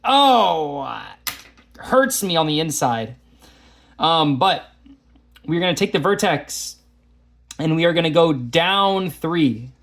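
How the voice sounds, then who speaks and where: A man talks students through math problems on the board, chatty and a little self-mocking. His voice sits somewhat high for a man. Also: expressive, slow pace, long pauses, fairly bright tone. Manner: chatty, self-deprecating, talks while drawing graphs. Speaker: math teacher. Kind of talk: casual lesson walkthrough.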